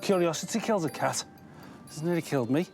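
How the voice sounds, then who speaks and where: A man working as an animal welfare officer, talking casually on the job and calling to a cat in a high sing-song voice inside a house. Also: expressive, a little fast. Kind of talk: casual on-location talk. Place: indoors in a house by a chimney. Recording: on-location audio with loud music underneath.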